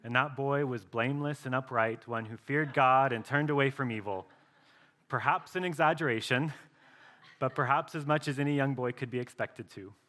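Bright-voiced earnest male preacher. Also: medium pitch. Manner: earnest preaching, dropping soft and slow for emphasis. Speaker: pastor. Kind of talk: sermon.

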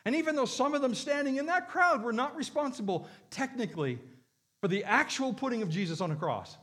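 A man's voice: very high voice, lively intonation, a little fast, a bit bright. A man preaching a sermon, emphatic and full of rhetorical questions. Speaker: pastor.

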